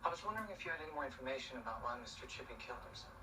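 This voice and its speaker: A young student sleuth, fast-talking, bright tone, echoey distant TV. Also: male voice, medium pitch, expressive. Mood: curious. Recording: echoey TV audio from far off.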